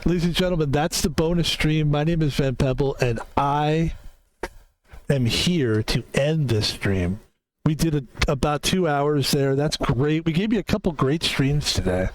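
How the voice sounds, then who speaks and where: Man streamer, casual rambling sign-off, a bit high-pitched, music behind. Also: moderate pace, hardly any pauses. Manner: rambling, chatty, self-promoting. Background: background music.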